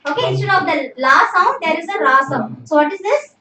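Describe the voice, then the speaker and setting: A woman's voice: extremely high pitch, lively intonation, a little fast, a loud crowd. A woman teaching a language class, patient and drilling students, saying "okay" constantly. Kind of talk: live online class. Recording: echoey room, distant mic, faint noise.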